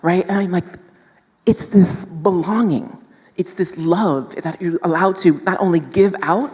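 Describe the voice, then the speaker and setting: A woman's voice: on the low side, a little slow, a little mellow, long reverb tail. A woman from New York City speaking as a panel guest, telling candid, emphatic stories to a live audience. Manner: candid, emphatic storytelling, addresses audience as y'all.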